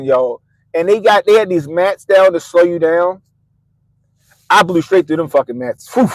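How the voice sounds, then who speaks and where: A middle-aged man on a podcast, telling a story in an animated, profane way and laughing at himself. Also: a little high, no echo, rough recording. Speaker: podcast host. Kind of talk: casual storytelling.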